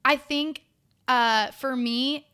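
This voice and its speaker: A young woman talks bluntly and with animation, a bright, forceful voice carrying her story through a relaxed podcast chat. Her tone is smooth and crisp, and she fills her speech with fillers as she goes. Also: high voice, extremely slow. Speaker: podcast guest. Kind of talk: casual chat.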